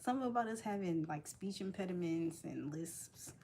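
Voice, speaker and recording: A woman's voice: lowish voice, animated, moderate pace, very noisy. A woman vlogging in casual chat while she works, playful and joking, laughing often.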